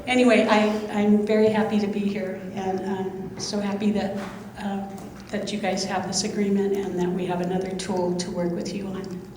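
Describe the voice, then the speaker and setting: Nervous woman speaking flatly in an echoey hall. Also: mid-range voice, moderate pace, few pauses. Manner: nervous and hesitant, with many ums. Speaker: conservancy board member. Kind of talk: short speech at a signing event. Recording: very echoey hall, faint background hum.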